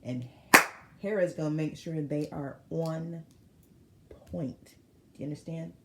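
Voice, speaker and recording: Casting: woman tarot reader, low-ish voice, animated and emphatic, roomy sound with faint noise. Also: takes it slowly. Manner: animated, laughs often, slangy and emphatic. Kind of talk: casual tarot reading to viewers.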